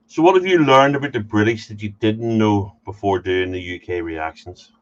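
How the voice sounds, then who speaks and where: A man's voice: on the low side, moderate pace, muffled recording. A man from the United Kingdom hosting a casual interview, stammering and repeating words as he tells stories. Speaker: podcast host.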